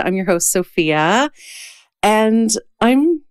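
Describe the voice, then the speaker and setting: A woman's voice: mid-range voice, animated, slow, clear, resonant tone, no echo, studio quality, soft background music. A woman hosting a podcast and interviewing a guest, openly emotional and gushing. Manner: emotional, gushing, laughs often. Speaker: podcast host and coach.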